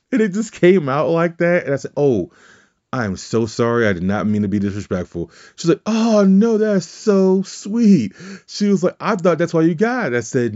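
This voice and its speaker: A man's voice: fairly low pitch, darkish tone. A man co-hosting a podcast, telling a rambling anecdote in a casual chat, often correcting himself and swearing offhand. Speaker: podcast co-host. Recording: dull lo-fi audio.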